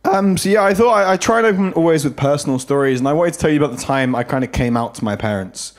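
A man's voice: a little high, fast. A man opening a stand-up set with a personal story, hesitant, with ums and restarts. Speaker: stand-up comedian.

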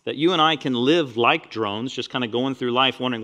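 A man preaching a sermon as pastor, reading scripture with rising force and dropping into quiet, personal asides. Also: mid-range voice, fairly quick. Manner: animated preaching, swells loud on scripture quotes; drops to quiet, intimate asides.

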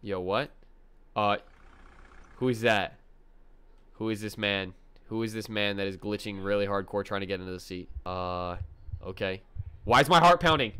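Jumpy young man gaming with bright voice. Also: mid-range voice, animated, moderate pace, smooth. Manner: jumpy, panicky reactions with frequent yelps; reads game dialogue aloud. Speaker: gaming streamer. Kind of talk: gameplay commentary.

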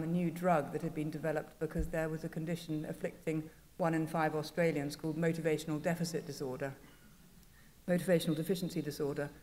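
A woman, a journal editor on a conference panel, telling anecdotes in a halting, self-deprecating way. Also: sits low, a little mellow. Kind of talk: panel talk. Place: conference hall. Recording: reverberant conference hall.

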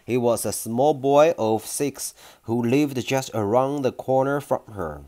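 A man reading a children's novel aloud in an unhurried storytelling manner, with small slips. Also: medium pitch, mellow. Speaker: reader.

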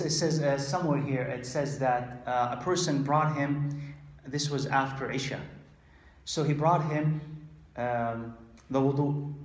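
Man giving a religious lecture in an echoey room. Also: mid-range voice. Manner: conversational, acts out quoted exchanges, frequent fillers. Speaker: Islamic lecturer.

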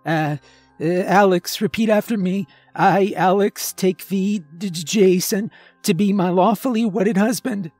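Male narrator putting on a stammering, panicky wedding officiant in an Elvis getup, pitched way up and shrill. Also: darkish tone, dry recording, soft background music. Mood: panicked. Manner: stammering, frantic, rushed.

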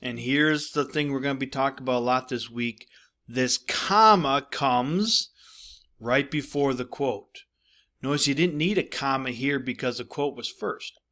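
A man's voice: mid-range voice, a little slow, sharp tone. A male teacher giving a recorded lesson, explaining step by step and speaking straight to his students. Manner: explanatory, addresses students directly.

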